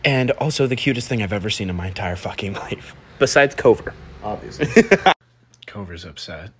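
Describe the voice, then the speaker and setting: A man's voice: lowish voice, expressive, moderate pace, slight background noise. A young man filming a casual vlog, playful and giggly, swearing often as he talks. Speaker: vlogger.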